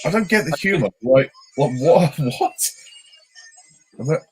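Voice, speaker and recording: Bemused, mocking man with a lively voice. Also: a little high, a little slow, slightly rough, faint music behind. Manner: mocking and bemused, laughs a lot. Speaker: film commentator. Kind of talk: casual film commentary.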